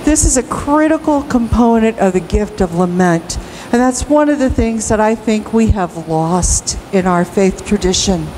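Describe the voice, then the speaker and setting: A woman pastor preaching a sermon in a church, slow and emphatic, rising into cries at times. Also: fairly high pitch, a little mellow, slight background noise, low-quality recording. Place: church sanctuary.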